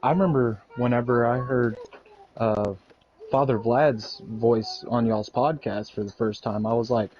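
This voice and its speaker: A man's voice: medium pitch, steady tone, unhurried, faint music behind. Easygoing Texan man with a drawl. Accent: Texan Southern drawl. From Texas. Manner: easygoing, encouraging, restarts often. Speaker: podcast co-host. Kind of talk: casual chat. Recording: dull, lo-fi mic.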